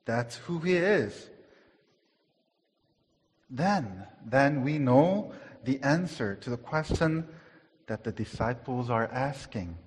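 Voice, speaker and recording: Male pastor, mid-pitched, slow and deliberate sermon delivery, reverberant hall sound. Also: expressive. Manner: earnest, repeats words for emphasis, occasional laughs; swells louder on key phrases, then drops to a hush.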